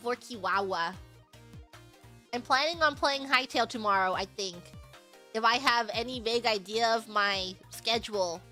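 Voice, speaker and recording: Giggly high-voiced young woman streamer. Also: normal speed, soft background music. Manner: giggly, bubbly, excitable. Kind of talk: casual stream chat.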